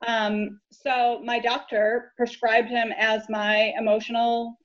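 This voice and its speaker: A woman guest, a lawyer, telling her story in an earnest, low-key way during a casual interview chat. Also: little pitch movement, slow pace. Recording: dull lo-fi audio.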